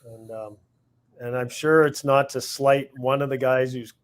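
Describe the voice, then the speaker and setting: A man chatting on a podcast in a voice of ordinary pitch. He hesitates often and fills his pauses. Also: steady tone. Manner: hesitant, many fillers. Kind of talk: casual chat.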